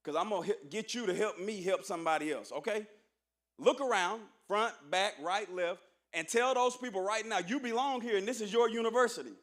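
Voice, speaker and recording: A man's voice: sits high, a little fast, fairly bright tone. A man giving a rousing, preacher-like motivational speech to new students in a large auditorium. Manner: preacher-like, emphatic, calls for audience response. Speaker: university administrator speaking at orientation.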